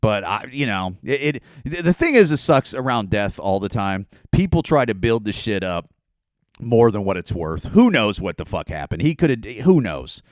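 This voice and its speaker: Sing-song and fairly low-pitched, a man rants at a moderate pace on his solo podcast, rambling, cursing and being sarcastic as the host. There is no room sound.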